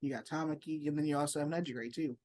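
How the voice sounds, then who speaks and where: A man's voice: on the high side, quick pace. Laid-back man explaining details. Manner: relaxed, explains background details. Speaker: podcast co-host. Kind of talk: casual anime discussion.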